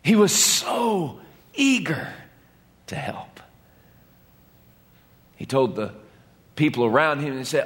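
Impassioned preacher man, high and slow. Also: very animated, a bit bright. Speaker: pastor. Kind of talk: sermon. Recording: long reverb of a large hall.

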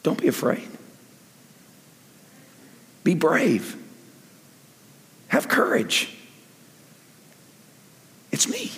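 A preacher speaking as a calm man reassuring his frightened friends, in a soft, gentle voice with a long hall echo. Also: high voice, drawn-out words, gravelly, pauses often, voice pushed up, exaggerated voice.

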